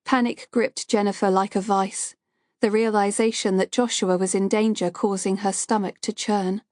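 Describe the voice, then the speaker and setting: A woman reading a psychological thriller audiobook in a steady, measured way. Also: mid-range voice, no room sound, studio quality. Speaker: narrator.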